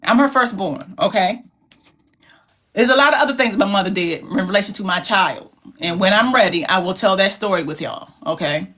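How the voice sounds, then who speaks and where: A woman's voice: medium pitch, normal speed, a bit bright. A woman hosting a livestream, talking to her viewers in a casual, emotional, heartfelt way. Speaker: livestream host.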